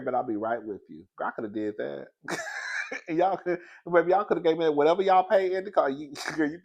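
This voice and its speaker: Young male reviewer, gossipy and animated, medium pitch, keeps calling the audience girl and baby. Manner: sassy, gossipy, laughs often, calls listeners girl and baby. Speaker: TV show reviewer. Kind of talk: animated casual recap.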